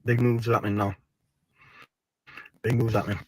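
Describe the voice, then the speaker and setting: A man's voice: lowish voice, little pitch movement, moderate pace, no room sound, low-quality recording. A man speaking in a clip, boastful and rambling, thanking viewers and swearing when heated.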